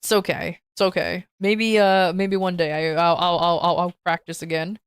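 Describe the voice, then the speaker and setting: A woman's voice: fairly low pitch, level tone, moderate pace, clear, resonant tone, no echo, studio quality. Playful joking woman streamer. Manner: playful, joking, laughs often. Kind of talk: casual live-stream chat.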